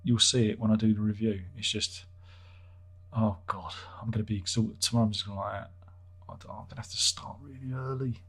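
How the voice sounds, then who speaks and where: A man's voice: lowish voice, steady tone, a little fast, fairly bright tone, husky. A man hosting a casual livestream, reading out chat comments in a rambling, self-interrupting, wry way.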